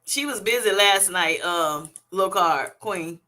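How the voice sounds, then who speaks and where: A woman's voice: on the low side, takes it slowly, bright, forceful tone. A woman hosting a livestream from her phone at work, reading out viewers' comments, laughing often and teasing them playfully. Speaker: livestream host.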